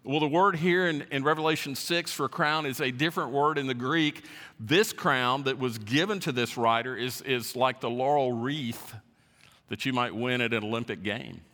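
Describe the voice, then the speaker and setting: Pastor, male, bright forceful delivery, verse-by-verse sermon in a reverberant church hall. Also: mid-range voice. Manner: teaching verse by verse, stressing key words. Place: church sanctuary.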